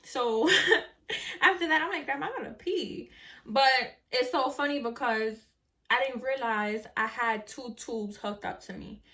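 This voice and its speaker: Recorded from afar, a young woman with a slightly high, sharp voice speaks at a measured pace as she casually shares a personal story on camera. Talking to her viewers like friends, she fills her vlog with "like" and the occasional swear word.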